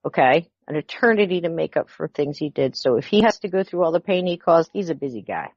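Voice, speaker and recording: A middle-aged woman appears as a podcast guest, telling a personal story in an animated way and acting out the dialogue. Her low voice moves a little fast, with no room sound, in a dull lo-fi recording.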